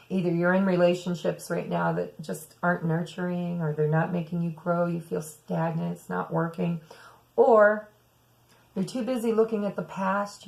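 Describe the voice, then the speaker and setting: A woman's voice: lowish voice, gravelly, a little mellow, poor audio. A woman giving a weekly tarot reading, musing aloud and speaking to her viewers as "some of you.". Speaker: tarot reader.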